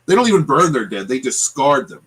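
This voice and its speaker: A man with a husky, slightly rough voice rants through a casual podcast conversation. He swears freely and talks with a mid-range pitch. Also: very animated, brisk, a bit bright, rough recording. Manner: ranting, profane. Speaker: guest, channel creator.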